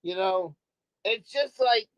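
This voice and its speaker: On a streaming mic, a woman delivers an angry, profane ranting monologue, hammering the same words over and over. Her medium-pitched voice is expressive and slow, and the rough recording carries a little hiss or hum.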